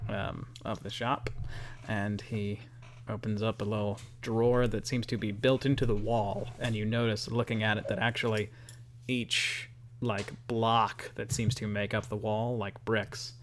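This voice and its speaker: A man's voice: fairly low pitch, a little hiss or hum. Easygoing man running a tabletop game. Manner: relaxed, chatty, with fillers and laughs. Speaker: game master. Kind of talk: narrating a tabletop game over a call.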